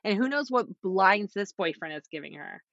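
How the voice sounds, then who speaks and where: A woman's voice: medium pitch, lively intonation, normal speed, gravelly, a bit bright, no echo, highs cut off. A woman co-hosting a podcast in casual chat, speaking emphatically and indignantly. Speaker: podcast co-host.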